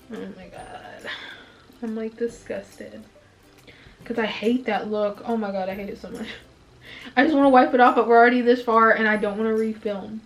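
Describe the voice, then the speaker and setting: A woman's voice: on the high side, low-quality recording. A young woman filming a casual makeup review at home, chatting and venting her frustration, a bit out of breath. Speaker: beauty vlogger. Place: indoors at home, filming herself.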